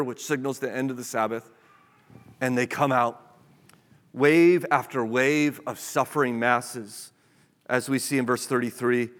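A man's voice: a little high, fairly bright tone. Earnest male pastor preaching in a hall. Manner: earnest, repeats words, acts out small quoted scenes. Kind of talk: sermon. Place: church sanctuary. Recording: long hall reverb.

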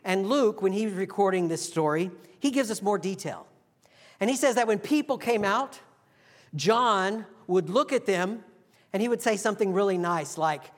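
Guy preaching a sermon, fairly high voice, acts out the lines, long reverb in the room. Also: animated, moderate pace. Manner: storytelling, acts out quotes. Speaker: pastor.

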